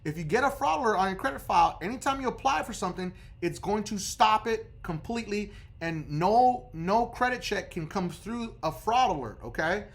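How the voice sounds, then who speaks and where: A man's voice: high voice, lively intonation, normal speed, vocal fry, hardly any pauses. A man coaching viewers on credit repair in a casual instructional video, talking emphatically and checking in with the viewer over and over.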